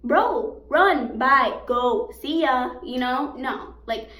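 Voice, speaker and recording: A young woman with a high voice tells a story to camera, animated and chatty, packing her talk with fillers and slang. The room around her sounds echoey and hard. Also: slow. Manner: animated, fillers like "like" and "bro", swearing. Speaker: vlogger. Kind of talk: storytime vlog.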